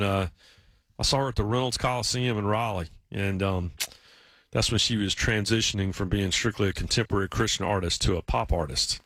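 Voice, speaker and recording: A man's voice: medium pitch, sharp tone. A man in a casual chat, spinning stories and slipping into the voices of the people he quotes. His voice sits in a middling register. The sound is close and dry, with no room echo. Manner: storytelling, acts out quoted voices.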